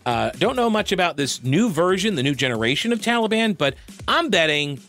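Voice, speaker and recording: A man's voice: high voice, big pitch swings, a little fast, a bit bright, soft background music. A man hosting a talk radio show, giving sarcastic commentary with wry laughs into a studio microphone.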